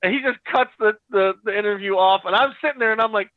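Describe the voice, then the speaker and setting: A man with a high, bright voice recounts a story with excited energy and acts out each bit of dialogue. The audio is dry and tinny, like a phone line on a video call. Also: fast, dry recording. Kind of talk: animated storytelling.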